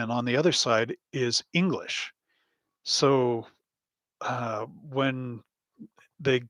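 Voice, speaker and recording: A man's voice: medium pitch, fairly bright tone, no room sound. A man hosting a live stream from his home hobby room, chatting in a rambling, anecdotal way with frequent chuckles. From Canada. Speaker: host. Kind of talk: casual live stream chat.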